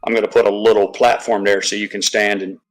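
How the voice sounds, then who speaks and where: A man's voice: on the low side, little pitch movement, fast, low-quality recording. A man chatting casually on a live stream, rambling, swearing freely and restarting his sentences often. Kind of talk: casual chat.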